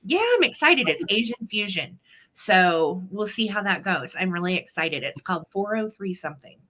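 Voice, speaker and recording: A woman's voice: medium pitch, expressive, normal speed, bright, forceful tone. A woman hosting a casual live sale stream from home, chatting and greeting viewers one by one. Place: upstairs at home.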